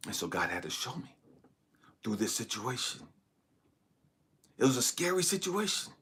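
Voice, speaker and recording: Husky, animated man telling a testimony. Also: medium pitch, normal speed. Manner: dramatic storytelling, swinging from hushed whispers to near-shouts. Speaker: spiritual channel host. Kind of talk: personal testimony and motivational talk.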